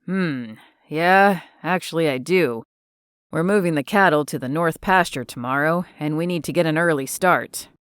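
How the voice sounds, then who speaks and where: A woman narrator voicing a gentle, easygoing young male cowboy in an audiobook, her voice dropped a little lower. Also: moderate pace, clear, resonant tone, no room sound, studio quality, close to an everyday voice. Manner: gentle, relaxed drawl-free talk. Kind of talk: audiobook character voice.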